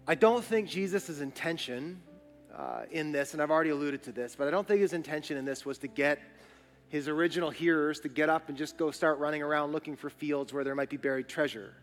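Male pastor, high-pitched, emphatic repeating preacher; church hall echo, faint music bed. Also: a bit bright. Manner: preaching with rising intensity and emphatic repetition. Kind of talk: sermon. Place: church sanctuary.

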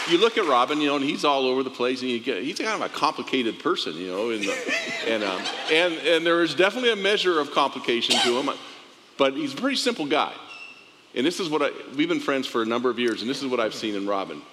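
Halting man with a lively bright voice. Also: medium pitch, slight background noise. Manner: halting, warm, repeats words. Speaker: guest, longtime friend of the pastor. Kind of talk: heartfelt tribute. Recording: long hall reverb, faint ambience.

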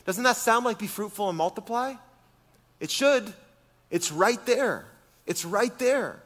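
A man preaching a sermon to a congregation, animated and full of rhetorical questions. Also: sits high, unhurried. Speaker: pastor. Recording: long hall reverb.

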